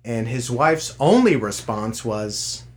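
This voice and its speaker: A man's voice: mid-range voice, expressive, takes it slowly. A man on a podcast in a studio, telling a retail story in a crude, exasperated way and swearing constantly. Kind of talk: casual profane storytelling.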